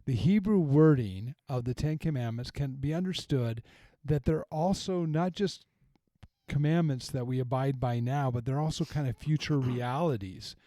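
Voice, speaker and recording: A middle-aged male pastor talks through a point of faith in an earnest, reflective way, often circling back to restart his thought. His voice is warm and mellow. The sound is close and dry, with no room around it. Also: mid-range voice, moderate pace, no room sound. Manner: earnest, reflective, with frequent restarts and retold quotes. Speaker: pastor, podcast host. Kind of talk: conversational teaching on faith.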